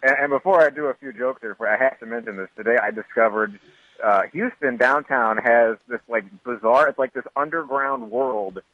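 A man phoning in a comic news segment from an airport, telling quick jokes with deadpan punchlines. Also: mid-range voice, no echo. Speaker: radio correspondent. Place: airport, on a phone. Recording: tinny phone line.

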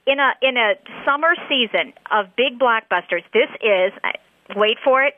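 A woman's voice: fairly high pitch, normal speed, no room sound, narrow, tinny audio. A woman reviewing movies on a radio show, chatting enthusiastically and persuasively, often laughing. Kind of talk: casual radio chat.

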